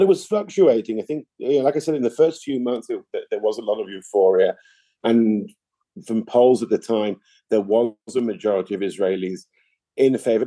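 A middle-aged man answering interview questions in a measured, explanatory way, often restarting his sentences. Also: medium pitch, warm tone, no room sound. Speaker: interview guest, political analyst.

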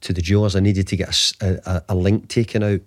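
A man's voice: deep voice, flat delivery, fast, dry recording, clean studio sound. A man in his fifties, a guest telling a long anecdote in an interview, rambling with frequent restarts. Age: 50s. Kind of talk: storytelling interview answer.

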